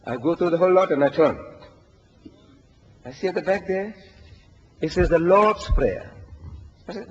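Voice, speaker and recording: Older man, preacher, storytelling lecture, fairly high voice, dull recording, long hall reverb. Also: normal speed, pauses often. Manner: storytelling, animated, quotes Arabic verses. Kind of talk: lecture to an audience.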